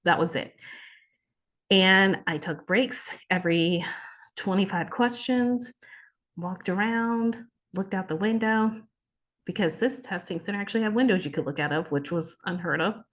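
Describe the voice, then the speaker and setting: A woman in her thirties, an interview guest, telling an emotional personal story in a heartfelt, expressive way with frequent restarts. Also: mid-range voice, measured pace. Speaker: interview guest, exam passer.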